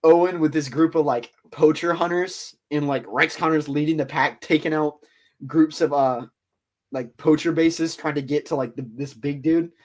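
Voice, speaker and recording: Excited rambling young man. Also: fairly high pitch, normal speed. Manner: excited, rambling, filler-heavy storytelling. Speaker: guest. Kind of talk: casual podcast chat.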